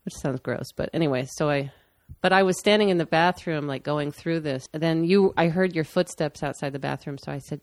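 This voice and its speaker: A woman's voice: low voice, fairly quick, hardly any pauses, dry recording, clean studio sound. A woman telling a personal story candidly and matter-of-factly in casual conversation. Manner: candid, matter-of-fact, with restarts.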